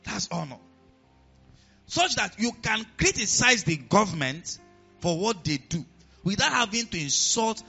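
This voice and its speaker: A man with a Nigerian accent preaching a sermon as pastor, animated and often asking the congregation questions. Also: high-pitched, moderate pace, breathy edge, muffled recording, soft background music.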